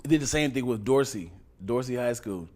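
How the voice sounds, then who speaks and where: A man's voice: mid-range voice, expressive, fairly quick, a little mellow. A man co-hosting a casual podcast, a laughing storyteller who acts out the quotes in his stories. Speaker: podcast co-host. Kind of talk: casual chat.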